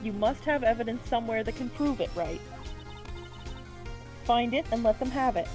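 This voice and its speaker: A woman voices a firm mentor lawyer, coaching and insistently urging with a sense of urgency. Her voice is on the high side and animated, close to an everyday voice, at a moderate pace. Music plays in the background.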